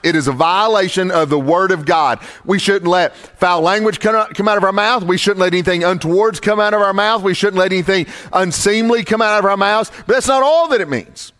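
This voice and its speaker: A pastor preaching a sermon, reading scripture slowly and building to emphatic stresses on key words. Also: male voice, high voice, a bit bright. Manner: slow, deliberate scripture reading.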